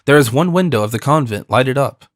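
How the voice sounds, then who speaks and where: A man's voice: mid-range voice, animated, fairly quick, dry recording, studio quality, natural voice. A man reading the part of a loyal, wary servant in an audiobook, deferential and cautious.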